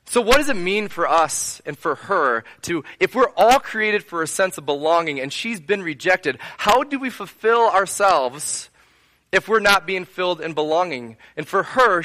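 A man's voice: a little high, bright, forceful tone. A man preaching a sermon to his congregation, earnest, building repeated phrases into lists and asking them direct questions. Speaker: pastor.

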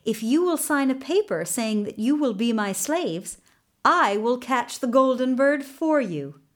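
A woman's voice: a little high, sing-song, a little slow, pitched above the performer's own voice. A woman voicing a proud young prince in disguise, bold and commanding in a storybook reading. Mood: confident.

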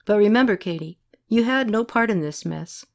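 A woman reading a novel aloud, voicing a seasoned male field doctor who gives calm, blunt advice. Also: medium pitch, moderate pace, vocal fry, pitched above the performer's own voice. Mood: steady.

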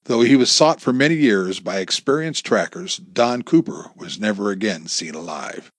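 A man reading a story, voicing an older federal agent who speaks formally and with measured authority. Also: fairly low pitch, animated, no echo.

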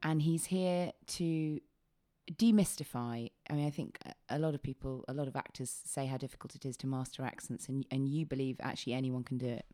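A woman's voice: very deep voice, fairly even intonation, brisk, dark tone, dry recording. A woman interviewing a guest in a comic sketch, polite and straight-faced.

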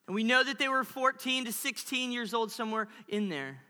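Bright-voiced male pastor preaching. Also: very high-pitched, fairly quick, clear, resonant tone. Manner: animated storytelling with playful asides. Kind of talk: sermon. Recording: long reverb of a large hall.

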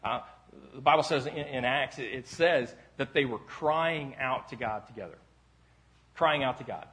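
A man pastor preaching a casual sermon in a church sanctuary, telling rambling self-deprecating stories that break into loud shouts. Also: mid-range voice, normal speed. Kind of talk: conversational sermon.

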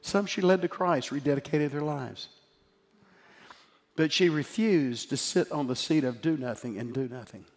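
A middle-aged man preaching a sermon as pastor, emphatic, swinging from loud declarations to quiet storytelling. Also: fairly high pitch, normal speed. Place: church sanctuary. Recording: long hall reverb with faint music.

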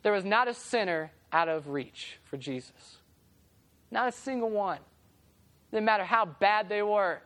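A woman's voice: medium pitch, measured pace. A young woman preaching a sermon, telling stories and acting out the voices in them. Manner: animated, acts out voices in stories. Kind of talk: sermon with storytelling.

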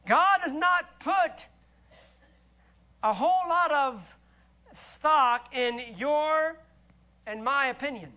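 A man preaching a sermon in a church, emphatic and rhetorical, swinging between loud declarations and hushed asides. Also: very high voice, slow, pauses often, dull audio.

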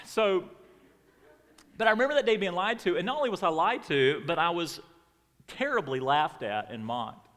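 A middle-aged man preaching a sermon as a pastor, telling a personal story in an animated way and acting out family members. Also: high voice, normal speed. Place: church sanctuary. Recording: long reverb of a church hall.

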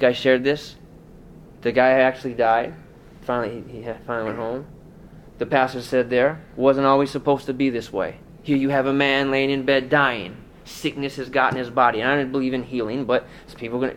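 A man's voice: medium pitch, slight background noise. A male pastor preaching a sermon in a conversational way, asking the congregation rhetorical questions.

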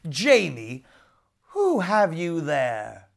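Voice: mid-range voice, wildly swooping pitch, extremely slow, creaky, full character voice. A storyteller voicing a boastful male water demon who roars, laughs and gloats, in a storybook read-aloud. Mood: gloating. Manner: loud, roaring laughter and gloating threats.

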